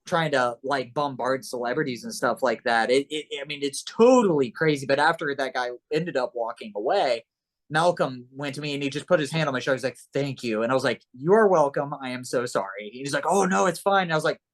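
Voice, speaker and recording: A man's voice: medium pitch, fairly quick, fairly bright tone. A man from Ohio, a podcast guest in casual chat, telling stories animatedly and acting out the voices of the people he quotes.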